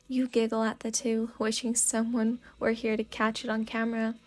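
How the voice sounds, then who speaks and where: A woman softly reading a second-person story in a sleepy whispered role-play. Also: fairly high pitch, monotone, moderate pace. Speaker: fanfic reader.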